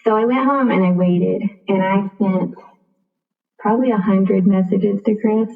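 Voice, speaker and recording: Young woman, podcast guest, earnest storytelling, frequent "like", even flat delivery, thin phone-like sound. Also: mid-range voice, a little slow, vocal fry. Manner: earnest, full of reported speech and "like". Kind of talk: personal storytelling. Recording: tinny phone-like sound, distant from mic.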